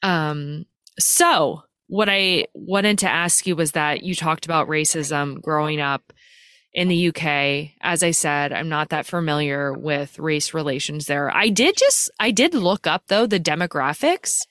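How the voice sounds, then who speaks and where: A woman's voice: low-pitched, measured pace, a bit bright, dry recording, clean studio sound. Chatty woman hosting a podcast. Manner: chatty, frank, laughs easily, swears casually. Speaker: podcast host. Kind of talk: casual interview conversation.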